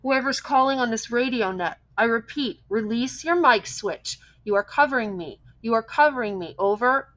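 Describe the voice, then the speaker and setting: A woman reading an audiobook, voicing a calm male radio operator speaking in clipped radio procedure. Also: fairly high pitch, moderate pace, hardly any pauses, low-quality recording. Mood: procedural. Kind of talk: audiobook character voice.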